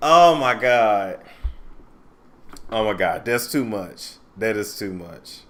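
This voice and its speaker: A man hosting a casual reality TV commentary vlog, animated, laughing and gossipy. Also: on the low side, slow pace. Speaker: commentary vlogger.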